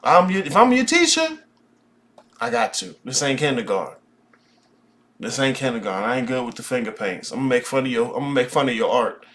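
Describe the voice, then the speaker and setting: A man's voice: mid-range voice, very animated, brisk, a bit bright. A man teaching a magic class, talking bluntly and profanely in a casual rant.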